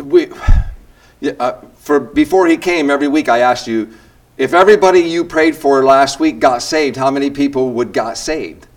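Leading a church group, an older man speaks in a mid-range voice, meandering casually through his points. He keeps restarting sentences and drops in self-deprecating remarks.

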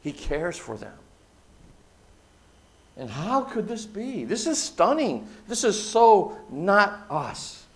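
High, animated male preacher. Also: slow pace. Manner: expressive preaching, swinging between loud emphasis and hushed asides; repeats phrases for emphasis. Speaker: pastor. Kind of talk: sermon.

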